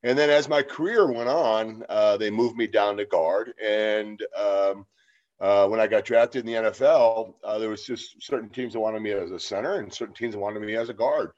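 Man, fifties, low voice, rambling anecdotes, filler words, a bit muffled. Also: normal speed, a little mellow. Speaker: interview guest. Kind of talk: casual storytelling. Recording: slightly dull lo-fi sound.

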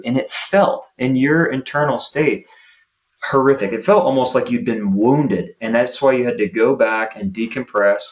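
A man, a youth soccer coach, speaking as a podcast guest and acting out what coaches and players say. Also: mid-range voice. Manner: animated storytelling, acts out coach and player lines. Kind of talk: podcast interview.

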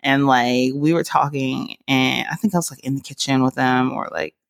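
A young woman hosting a casual podcast chat, animated and laughing often as she retells stories. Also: extremely low pitch, normal speed, gravelly, no room sound, studio quality. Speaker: podcast host.

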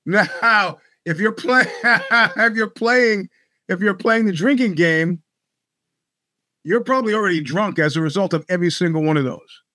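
A man's voice: sits high, moderate pace, pushed and bright, no room sound, clean studio sound. A man hosting a show, telling rambling, sardonic stories with plenty of profanity. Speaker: podcast host. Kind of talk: casual monologue.

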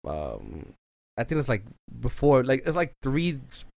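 A young man from the Bronx talks, ranting in loose, swear-laden podcast chat. His voice sits at a middle pitch, close and dry on the mic. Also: unhurried, creaky, dry recording. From the Bronx, New York. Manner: rambling, swears freely, animated asides.

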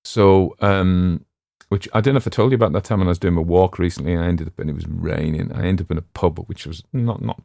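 Talking fast in a low, gravelly, warm voice with a steady tone, this middle-aged narrator and story channel host has a Cumbrian accent from West Cumbria, England. The recording has no echo. His casual chat is rambling and self-deprecating, full of fillers and sentences he starts over.

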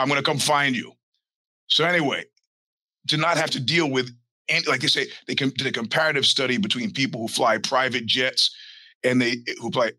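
A man's voice: medium pitch, sharp tone, dry recording, rough recording. A male podcast host telling rambling, profane stories in a casual monologue and acting out the people he quotes. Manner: profane storytelling with put-on quoted voices.

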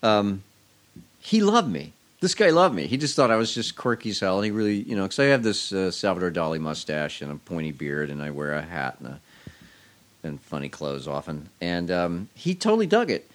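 A man with a fairly low voice, chatting as a guest in an interview. He tells his story in a loose, rambling way with a wry edge. He often stops and restarts his sentences. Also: very animated, a little fast. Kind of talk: casual storytelling chat.

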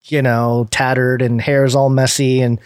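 A man's voice: mid-range voice, flat delivery, measured pace, dry recording. An American man hosting a podcast, chatting loosely with many fillers and restarts, then reading a news story aloud. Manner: rambling, lots of fillers and restarts. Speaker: podcast host.

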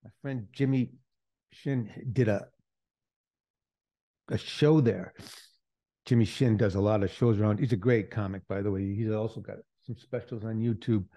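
A man's voice: lowish voice, steady tone, normal speed, long pauses, dark tone. A man hosting a podcast, talking casually in a loose, rambling way with asides. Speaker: podcast host.

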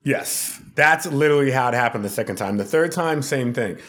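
A man, a podcast guest, telling funny stories from his work in a casual, animated way, often laughing. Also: mid-range voice, a little fast. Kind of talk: casual storytelling.

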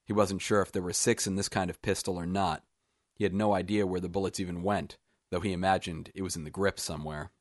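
Low-voiced man reading a story, dry sound. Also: level tone, fast talker, dry recording. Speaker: author reading his own story.

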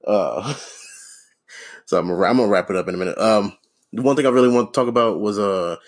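A man hosting a podcast alone, rambling in a deadpan, sardonic way, swearing freely and filling with ums and restarts. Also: on the low side, fairly quick. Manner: profane, rambling, sardonic, many fillers and restarts. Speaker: podcast host. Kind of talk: casual solo rant.

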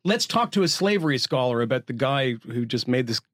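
A man's voice: mid-range voice, lively intonation, fairly quick, fairly bright tone, no echo, clean studio sound. A man co-hosting a casual panel discussion, blunt and dismissive with a wry edge. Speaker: podcast co-host.

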